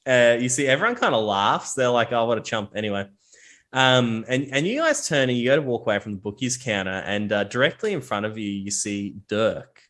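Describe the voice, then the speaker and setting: A man's voice: medium pitch, sing-song, brisk, a bit bright. A man narrating a tabletop game as game master, casual and full of fillers and restarts.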